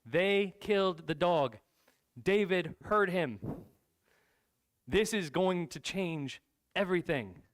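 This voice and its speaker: A male pastor preaching a sermon, retelling a Bible story in a lively, casual way with asides to the congregation. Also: high voice, slow pace, long pauses, no echo.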